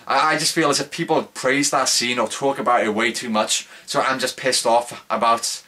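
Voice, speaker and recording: A man's voice: medium pitch, steady tone, moderate pace, sharp tone. A young man giving a casual spoken movie review, rambling, with lots of filler words and restarts.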